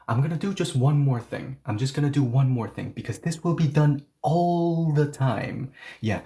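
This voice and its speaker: A man's voice: medium pitch, mellow. A man teaching an online language lesson, explaining step by step and often checking in with "right?".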